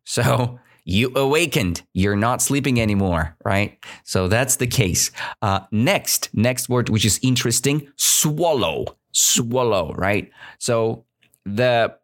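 A man's voice: mid-range voice, slow pace. A man teaching English vocabulary in a casual lesson, asking questions and tagging sentences with "right?", with non-native grammar. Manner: animated, asks many questions, says "right?" often. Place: indoors, drinking coffee at the mic.

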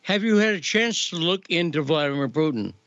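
A man's voice: a little high, expressive, brisk, a bit bright, no room sound, highs cut off. A man hosting a radio show, asking conversational, leading questions. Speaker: radio host. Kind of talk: radio interview.

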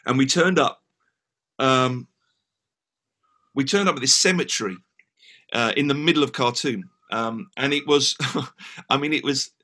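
An English man telling a story as a guest in a casual podcast interview, animated and full of restarts. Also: medium pitch, a little slow, pauses often. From England. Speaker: guest musician.

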